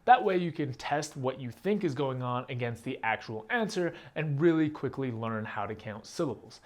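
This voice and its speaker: A man's voice: medium pitch, expressive, normal speed. Man casually teaching rap basics. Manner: plain, direct step-by-step explaining. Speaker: rap teacher and channel host. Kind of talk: casual instructional talk to camera.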